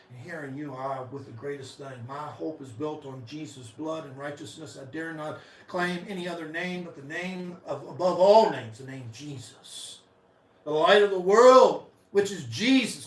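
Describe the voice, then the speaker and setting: A man preaching a fervent sermon, rising to loud declarations and dropping to hushed lines. His slightly high voice rings through a reverberant church room, caught from a distance with faint hiss behind it. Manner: impassioned preaching, voice swinging loud and soft. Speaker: pastor. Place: church sanctuary.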